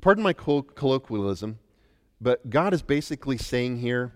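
Man, middle-aged, from the US, pastor, emphatic sermon, soft-to-loud swings, church hall reverb. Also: mid-range voice, animated, normal speed, clean tone. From United States. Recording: long reverb of a large hall.

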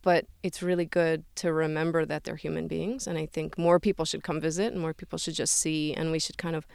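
A woman talks as an interview guest in an earnest, flowing way, dropping "like" and "right?" as she goes. Her voice sits a little low and sounds smooth. The recording is close and dry. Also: little pitch movement, a little fast, darkish tone, no room sound. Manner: earnest, fluent, many fillers like 'like' and 'right?'. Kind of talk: conversational interview.

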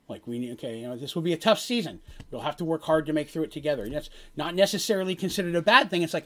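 Animated man running a tabletop game. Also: a little high, rapid-fire. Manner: casual, rambling narration with restarts. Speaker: game master.

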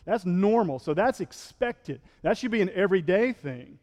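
A male pastor preaching a sermon in a relaxed, conversational way, often checking in with the congregation and acting out the quotes he reads. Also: high voice, normal speed, big-room sound. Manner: conversational preaching, frequent "right?", acts out quotes.

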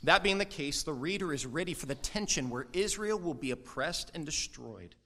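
This pastor preaches in an animated, conversational style with a slightly high voice. He tosses in quick asides and does brief mock voices for the people he quotes.

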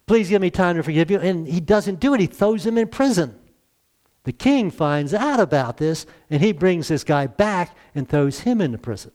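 With a fairly high, darkish voice, a pastor in his sixties gives a chatty church sermon. He chuckles a lot and leans on rhetorical questions.

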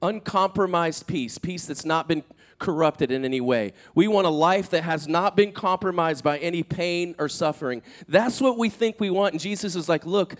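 Preaching at a moderate pace in a slightly high voice, this male pastor keeps his sermon conversational, with fillers and restarts. He's animated, voices the speakers he quotes, and moves between loud emphatic bursts and quiet, hushed asides.

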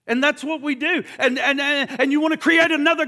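A man's voice: very high-pitched, fairly even intonation, a little fast. A man preaching a sermon, emphatic and pressing, stumbling over repeated words and firing rhetorical questions at his listeners. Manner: shouts at points.

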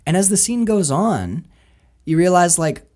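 American speaker, casual film chat, rambling anecdotes, acts out quotes, mid-pitched voice. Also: sing-song, unhurried, dark tone.

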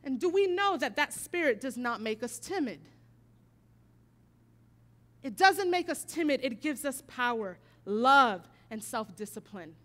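Sharing a personal story from the pulpit, a woman whose voice is a little high swings from soft, whispered moments to forceful proclamations.

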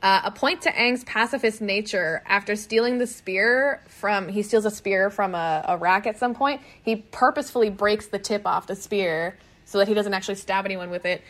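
A woman co-hosting a podcast, casually recapping episodes and acting out characters in quick asides, swearing now and then. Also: medium pitch, a bit bright. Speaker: podcast co-host.

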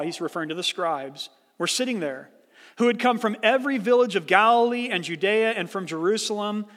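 A man's voice: sits high, fairly bright tone. A man preaching a sermon as pastor, earnest, building his points with rhetorical questions. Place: church sanctuary. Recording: reverberant church hall.

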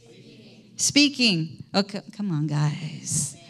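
High-voiced middle-aged woman pastor preaching. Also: unhurried. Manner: conversational preaching, quizzing the congregation. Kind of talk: sermon. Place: church.

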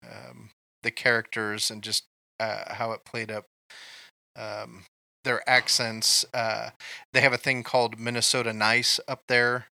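A man's voice: medium pitch, little pitch movement, a little slow, vocal fry, pushed and bright, no room sound. A man from Kansas co-hosting a casual movie chat, telling rambling stories with many ums. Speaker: podcast co-host.

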